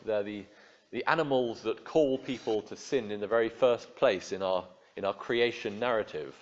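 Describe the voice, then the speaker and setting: A man preaching a sermon in a relaxed, wry, conversational way, with frequent fillers and restarts. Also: lowish voice, moderate pace, highs cut off.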